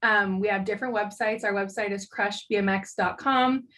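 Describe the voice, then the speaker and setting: A woman's voice: medium pitch, fairly even intonation, normal speed, a bit bright, low-quality recording. A woman taking part in a casual interview over a video call, chatting about her products with plenty of "um"s. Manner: chatty, explains products with fillers. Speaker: guest, glove company owner.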